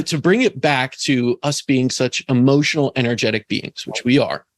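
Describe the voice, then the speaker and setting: A man's voice: medium pitch, dry recording. Man, interview host, chatty, laughs easily, dry close sound. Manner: chatty, laughs easily, shares personal stories. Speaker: podcast host. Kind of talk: casual interview talk.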